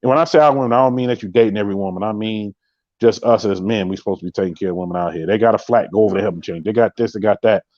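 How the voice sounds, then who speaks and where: A man hosts a live podcast and talks quickly and emphatically to his viewers. His voice sits at an ordinary pitch and sounds close and dry. The sound is a little muffled and lo-fi. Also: darkish tone, no room sound. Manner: emphatic, repeats catchphrases, speaks straight to viewers. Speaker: podcast host. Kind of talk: casual live-stream chat.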